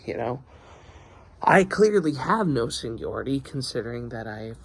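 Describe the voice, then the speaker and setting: A man's voice: mid-range voice, vocal fry, a little hiss or hum. A young man venting in a rambling, profane video diary about his work schedule. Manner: profane, rambling, frustrated venting with many restarts. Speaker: vlogger. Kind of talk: casual video diary rant.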